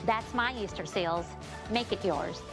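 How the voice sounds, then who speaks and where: A woman delivering a scripted advertisement as spokesperson, earnest and measured. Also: medium pitch, gravelly, loud music behind the voice. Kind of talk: scripted ad narration.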